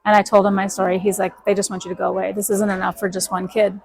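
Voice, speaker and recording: A woman's voice: medium pitch, flat delivery, fast, creaky, heavy background noise. A woman, a guest in an interview, telling her story emphatically and acting out the dialogue of each person in it. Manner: emphatic, quotes herself and others in dialogue.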